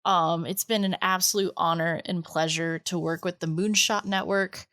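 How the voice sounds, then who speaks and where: A woman hosting a podcast, talking casually with many fillers and pauses, sounding emotional and close to tears. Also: fairly low pitch, fairly even intonation, a bit bright, no echo. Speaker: podcast host.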